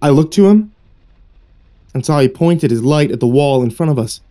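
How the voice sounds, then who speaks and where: A man narrating a horror story in a hushed, suspenseful storytelling manner. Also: fairly high pitch, animated, normal speed. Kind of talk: scripted narration.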